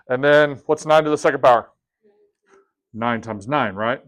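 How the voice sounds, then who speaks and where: A male math teacher leads a classroom lesson in a middle-pitched, fairly bright voice at normal speed. He keeps things casual and joking, pausing often and repeatedly asking the class questions.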